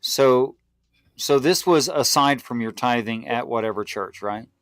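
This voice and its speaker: A man's voice: mid-range voice, a little slow, no room sound. Probing man with a dry sound. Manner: probing, asks clarifying questions. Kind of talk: casual conversation. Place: live stream call.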